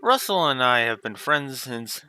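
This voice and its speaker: A man's voice: mid-range voice, very animated, a little slow, pushed and bright, clean tone, faint music behind, heavily acted. A man voicing a chatty elderly woman innkeeper in homespun old-fashioned phrases, reading game dialogue aloud. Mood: fond. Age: older. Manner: homespun old-fashioned sayings, fussing over the girl.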